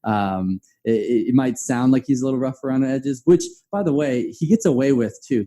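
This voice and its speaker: Guy guesting on a podcast, really dark mellow voice, lowish, laughs a lot. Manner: easygoing, laughs often, repeats words when starting. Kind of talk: casual podcast chat.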